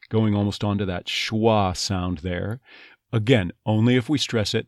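Man coaching accent sounds, low and dry. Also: no echo. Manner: breaks words into sounds, demonstrating vowels and glides slowly. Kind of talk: phonetics lesson.

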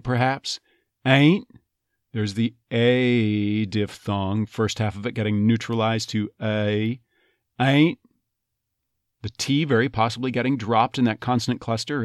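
Male coach, low voice, demonstrates sounds slowly, dry close recording. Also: no room sound. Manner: breaks words into sounds, models them slowly. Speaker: accent coach. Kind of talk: phonetics lesson.

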